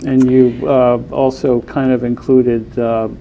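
A man hosting an interview, asking questions in a calm, affirming way. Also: medium pitch, slow pace, highs cut off, slight background noise. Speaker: host.

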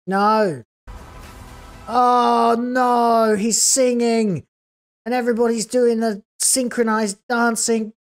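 A woman's voice: a little high, fairly even intonation, slow pace, soft background music. A woman hosting a video reaction, talking in a sarcastic, scathing way with exasperated groans. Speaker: YouTube reaction host.

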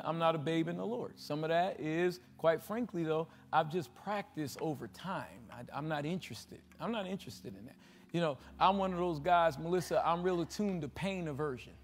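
A male pastor delivers a sermon in a church, pushing the congregation with rhetorical questions. His voice sits high and swings from booming exhortation to near-whispered asides. The sound hangs in the long reverb of a large sanctuary on a livestream. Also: gravelly, a little hiss or hum. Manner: preacherly call-and-response, swinging between loud exhortation and hushed asides.

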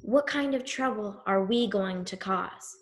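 Slow, grave woman storyteller. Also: medium pitch. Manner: slow, grave, emphatic with pauses. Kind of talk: first-person dramatic storytelling. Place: synagogue event.

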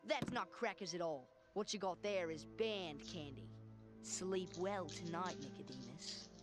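A woman voicing an excitable young fishing-club kid in an animated series, giddy and shouty. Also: on the low side, unhurried, music in the background, close to an everyday voice. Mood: gentle. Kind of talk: cartoon voice acting.

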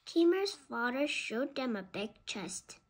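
A woman reading a children's book aloud, slowly and carefully. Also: fairly high pitch, very animated, slight background noise. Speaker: storybook reader.

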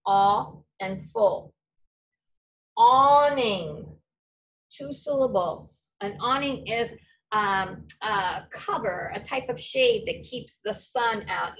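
A woman's voice: mid-range voice, far from the mic, rough recording. A woman teacher giving a patient, step-by-step reading lesson to young children. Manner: patient, slow, step-by-step explaining.

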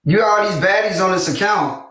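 A man's voice: high voice, a little fast, fairly bright tone, a little hiss or hum. A man on a casual livestream who insists on explaining himself and raises his voice. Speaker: livestream guest. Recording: echoey room.

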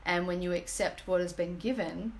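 A woman's voice: lowish voice, fairly even intonation, slight background noise. Earnest woman gushing in a home vlog. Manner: earnest, gushing, halting with many fillers. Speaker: energy healing business team member. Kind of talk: emotional personal testimonial vlog. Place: home, indoors.

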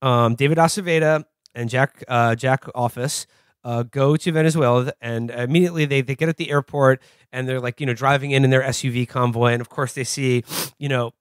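A man's voice: mid-range voice, smooth, no echo, clean studio sound. A man hosting a podcast, rambling through a casual TV recap, full of "like" and "you know". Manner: rambling, lots of "like" and "you know", laughs often. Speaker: podcast host.

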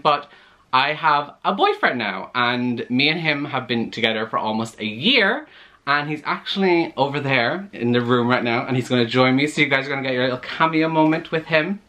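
A young Irish man talks straight to his camera in an easy, chatty vlog manner, animated and quick to laugh. His voice has a bright, forward tone at a middle pitch. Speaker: vlogger. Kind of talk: casual chat to camera.

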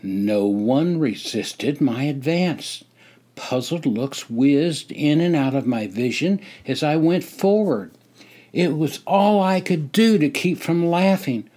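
A man in his seventies telling his own army memoir in a measured, wry way. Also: on the high side, animated, dark tone. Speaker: storyteller. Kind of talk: memoir narration.

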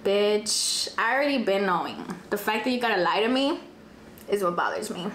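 A young woman, telling a dramatic storytime in casual chat, profane and animated, dropping in Spanish phrases. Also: mid-range voice, moderate pace, a little hiss or hum. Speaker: vlogger. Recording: echoey room, faint ambience.

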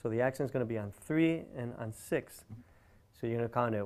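A man's voice: mid-range voice, fairly quick, a little mellow. A man giving a guitar lesson, explaining step by step and counting beats aloud over his own guitar playing. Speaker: guitar teacher.

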